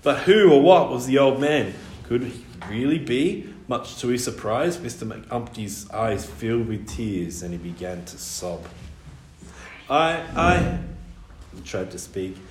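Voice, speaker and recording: A man reading a children's story aloud, animated, with wide swings in pitch and loudness. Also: measured pace, hardly any pauses, slight background noise. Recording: echoey room with faint ambience.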